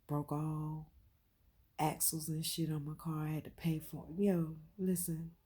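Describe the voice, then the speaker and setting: Low husky woman talking from the heart. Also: flat delivery, measured pace. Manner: heartfelt, swings from quiet to loud and emphatic, repeats phrases. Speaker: vlogger. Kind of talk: emotional personal vlog.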